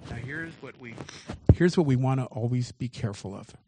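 A man's voice: mid-range voice, animated, fairly quick, background noise. A man preaching a sermon as pastor, reading scripture aloud and commenting on it with shifting emphasis.

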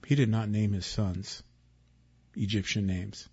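A male pastor preaching a conversational expository sermon, swinging between loud emphasis and hushed asides. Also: on the low side, measured pace, long pauses, breathy edge. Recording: dull lo-fi recording.

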